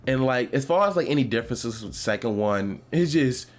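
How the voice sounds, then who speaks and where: A man talks loosely on his own podcast, wandering off topic and circling back with plenty of fillers and restarts. His voice sits at an ordinary middle pitch, relaxed and conversational. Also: fairly quick. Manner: rambling, animated, many fillers and restarts. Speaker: podcast host. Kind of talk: casual gaming chat.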